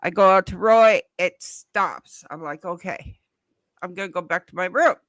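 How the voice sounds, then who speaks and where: Bright-voiced woman telling a story. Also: medium pitch, steady tone, moderate pace, no room sound. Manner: rambling, storytelling, swears. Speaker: stream guest. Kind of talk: casual chat on a live stream.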